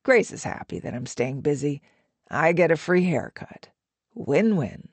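A woman's voice: low-pitched, animated, measured pace, breathy edge, dry recording, full character voice. A woman voicing an aging male film actor with easygoing, practiced charm in an audiobook reading. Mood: breezy. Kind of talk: audiobook narration.

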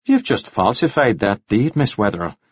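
A stern clergyman speaks in formal, reproving sentences, as a male narrator plays him. The voice is husky and lively in pitch. It is recorded dry and a little dull. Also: normal speed, no room sound.

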